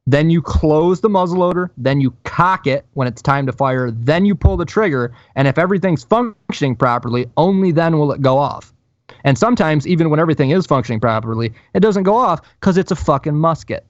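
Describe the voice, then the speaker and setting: A man co-hosting a podcast, telling a profane, animated story in casual chat. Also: a little high, a little fast, dry recording, highs cut off. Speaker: podcast co-host.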